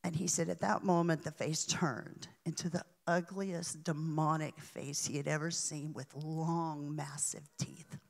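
A woman preacher telling a story in a sermon, dramatic, with sudden hushes and swells. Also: low-pitched, fairly even intonation, measured pace, vocal fry, few pauses.

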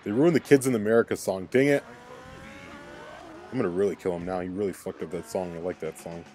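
A young man giving casual let's-play commentary, excitable and swearing as he plays. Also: low voice, fast talker, slight background noise. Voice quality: excitable, swears and laughs often.

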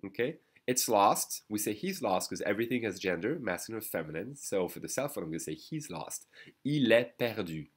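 A man with a fairly low voice teaches a lesson. He speaks patiently, says phrases slowly and repeats them. He checks in often with "okay?" and "d'accord?". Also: expressive, breathy edge. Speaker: French teacher. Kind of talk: online language lesson.

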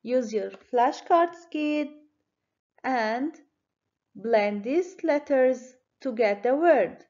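A woman teacher giving a children's phonics lesson, speaking clearly and encouragingly. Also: sits high, animated, a little mellow, highs cut off. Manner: slow, clear, encouraging classroom delivery.

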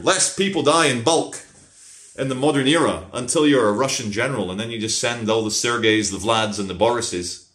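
A man's voice: fairly high pitch, a bit bright. A man vlogging in a rambling, unscripted monologue, blunt and profane, with sardonic asides. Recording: roomy echo.

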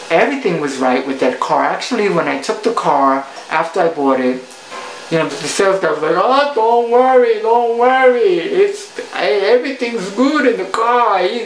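A woman's voice: on the low side, echoey room, a little hiss or hum, poor audio. A woman, a cooking show host, telling a playful story in a casual vlog monologue. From Puerto Rico.

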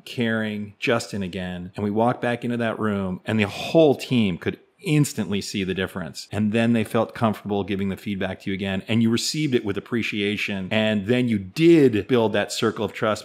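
A man in his forties, a CEO coach hosting an interview, speaking in an affirming, encouraging way. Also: fairly low pitch. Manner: warm, affirming, gives praise directly. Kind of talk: interview conversation.

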